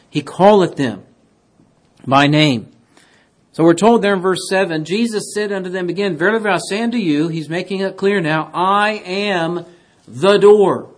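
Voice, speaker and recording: A man preaching a sermon, reading scripture aloud and swinging between loud, emphatic declarations and quiet, hushed asides. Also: a little high. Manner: reads scripture in King James wording.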